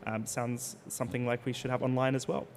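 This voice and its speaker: Fast-talking male moderator. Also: medium pitch, little pitch movement, a little hiss or hum. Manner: quick, conversational, with frequent restarts. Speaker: panel moderator. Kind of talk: conference panel discussion. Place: conference venue.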